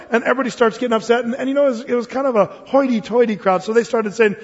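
A man preaching a sermon as pastor, telling stories in an animated way and acting out the voices of the people in them. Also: very high-pitched, quick pace, hardly any pauses. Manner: animated storytelling, acts out voices. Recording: muffled sound with long hall reverb.

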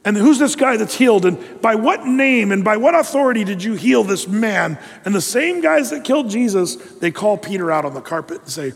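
A man in his fifties, a pastor preaching a sermon in a lively, conversational way and reading scripture aloud. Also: high voice, brisk, breathy edge, long reverb tail.

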